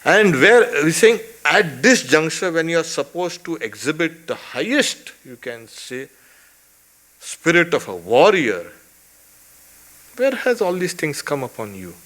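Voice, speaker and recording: A man, a swami, teaching a weekly scripture class in an emphatic lecture style, posing rhetorical questions, often adding "you can say" as an aside and chuckling softly now and then. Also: a little high, very animated, a little slow.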